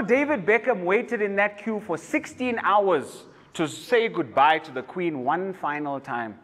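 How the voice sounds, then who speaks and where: A South African man doing stand-up, his voice riding high and swinging widely as he spins stories with mock outrage. It rings out in a reverberant hall, with a faint murmur of room ambience underneath. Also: a little slow, few pauses. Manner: animated, storytelling, mock outrage. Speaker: stand-up comedian. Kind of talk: stand-up comedy. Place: comedy venue, indoors.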